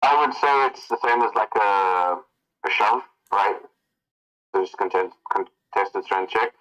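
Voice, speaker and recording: A man's voice: lowish voice, a little slow, fairly bright tone, low-quality recording. A man acting as game master, narrating scenes and working out the rules aloud. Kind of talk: narrating and ruling a tabletop game.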